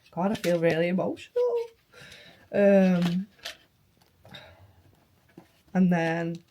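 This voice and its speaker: A young woman vlogging casually, emotional and halting, her voice hoarse from flu and tonsillitis, sometimes dropping to near-whispers. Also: lowish voice, mellow, slight background noise. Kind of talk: casual vlog chat.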